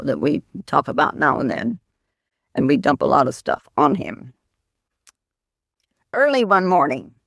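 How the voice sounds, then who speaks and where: Slow, reflective woman teacher. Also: fairly low pitch, gravelly, dry recording, clean studio sound. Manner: slow, reflective, with questioning asides. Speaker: Zen teacher. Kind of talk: dharma talk.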